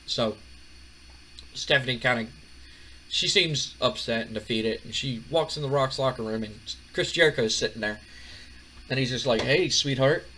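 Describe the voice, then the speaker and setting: Bright-voiced chatty male game narrator. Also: medium pitch, normal speed, long pauses, a little hiss or hum, low-quality recording. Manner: chatty, rambling, many fillers. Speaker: gaming channel host. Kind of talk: casual game playthrough narration.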